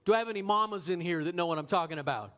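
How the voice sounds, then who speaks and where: A man preaching a sermon as pastor, animated, asking the congregation rhetorical questions and slowing down for emphasis. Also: high-pitched. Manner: varies pace, slows for emphasis.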